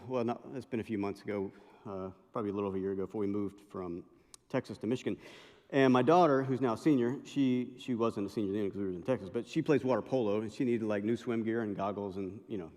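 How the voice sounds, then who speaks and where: A middle-aged male pastor preaching a sermon, telling stories in a lively way with impressions and asides. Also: fairly low pitch. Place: large chapel hall. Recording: long chapel reverb.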